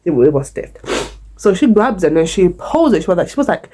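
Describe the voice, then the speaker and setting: A woman's voice: lowish voice, expressive, fast talker, darkish tone. A young woman vlogger telling a casual storytime, chatty and repetitive, with frequent swearing. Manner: chatty, repeats herself, swears, sings a short hymn.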